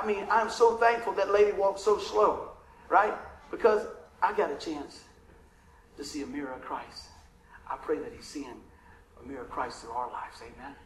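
A man with a high voice tells a story from the pulpit, folksy and heartfelt, asking the crowd for an amen now and then. His voice rings out in a roomy, echoing hall. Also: a little hiss or hum. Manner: emotional, conversational, Southern-tinged storytelling with asides to the congregation. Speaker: preacher. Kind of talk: storytelling sermon.

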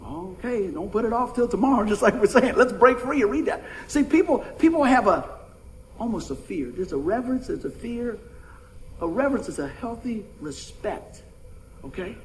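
A man's voice: high voice, big pitch swings, normal speed, low-quality recording. A middle-aged man preaching a sermon in a folksy, conversational way, calling out to his congregation. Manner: folksy, conversational preaching with audience call-outs. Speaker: pastor.

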